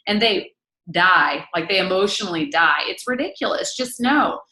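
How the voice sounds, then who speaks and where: A woman's voice: fairly low pitch, animated, normal speed, sharp tone, roomy sound, low-quality recording. A woman in her thirties leading a casual book-study talk, blunt and matter-of-fact. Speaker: team leader hosting a book study.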